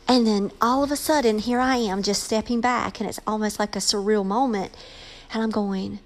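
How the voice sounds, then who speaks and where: A woman's voice: medium pitch, fairly even intonation, normal speed. A woman hosting her own podcast, telling a story casually and animatedly, acting out the voices she quotes. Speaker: podcast host, author and ninth-grade teacher.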